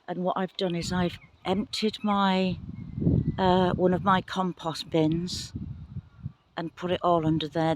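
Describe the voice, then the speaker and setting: A woman giving a casual tour of her garden plot outdoors in the wind, talking excitedly and apologetically into a handheld phone camera. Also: on the low side. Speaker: gardening vlogger.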